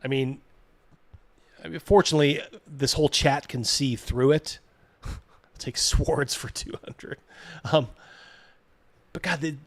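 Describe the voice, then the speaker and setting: A man's voice: a little high, steady tone, unhurried, pauses often, fairly bright tone, no echo. A man hosting a stream, giving sarcastic, mocking reaction commentary with frequent stammered restarts. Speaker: stream host.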